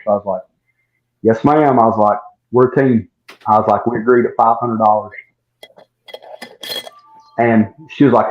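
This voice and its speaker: A man's voice: mid-range voice, fairly even intonation, a little fast, pauses often. A man telling a long story in casual chat, full of "I was like" asides, as a guest distiller. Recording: dull lo-fi sound.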